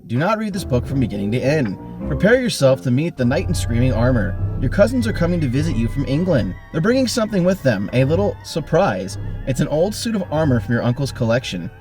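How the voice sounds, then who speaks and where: A man's voice: mid-range voice, fairly quick, hardly any pauses. A man hosting a podcast and theatrically reading a gamebook aloud. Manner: animated, theatrical read-aloud. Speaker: podcast host and narrator. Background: background music.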